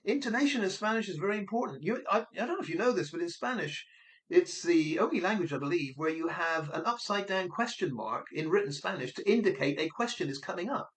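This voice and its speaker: A man's voice: sits high, lively intonation, fast, fairly bright tone. Man musing through a speculative monologue. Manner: musing, speculative, acts out quoted voices. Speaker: online commentator.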